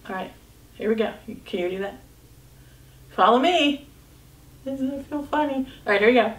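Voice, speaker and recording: A woman's voice: high voice, normal speed, roomy sound. A woman teaching a children's Bible lesson with a puppet, patient and playful.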